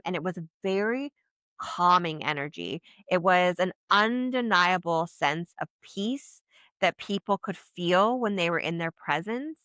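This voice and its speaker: In a fairly low, fairly bright voice with no room sound, a psychic channeler gives a spiritual reading. She flows along casually and earnestly, with lots of "likes," filler words, and trailing restarts.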